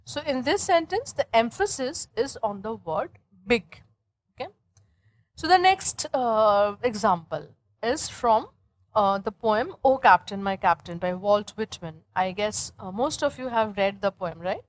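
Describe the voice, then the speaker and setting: A woman's voice: fairly high pitch, animated, unhurried, rough recording. A woman teaching English grammar as a lecture, explaining step by step and often checking in with her students. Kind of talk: classroom lecture.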